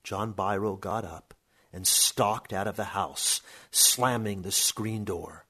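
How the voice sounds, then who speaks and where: A man reading a story aloud in a steady, measured narration. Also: fairly low pitch, husky.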